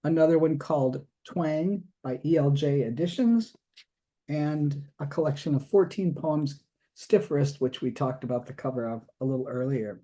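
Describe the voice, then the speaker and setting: Woman hosting in a mellow voice. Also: sits low, normal speed. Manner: listing credits in an even, formal introduction. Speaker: host and poetry editor. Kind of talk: introducing a reading guest.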